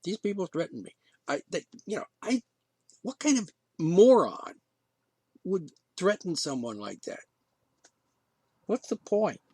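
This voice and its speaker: A man with a high, lively voice rants indignantly, swinging from sarcasm to exasperation. His delivery is rambling and full of restarts. The recording is dry and close. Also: unhurried, long pauses, breathy edge, no echo. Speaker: podcast host. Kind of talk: ranting monologue.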